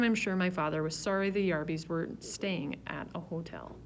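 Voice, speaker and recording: A woman reading a children's chapter book aloud, telling it in a lively first-person voice. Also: lowish voice, moderate pace, few pauses, slight background noise. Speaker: reader. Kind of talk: storybook narration.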